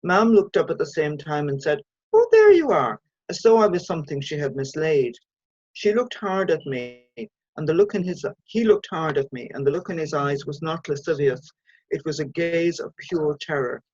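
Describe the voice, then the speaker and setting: A woman, an author reading her own short story aloud in a measured, even way. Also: deep voice, husky, no room sound, lo-fi sound.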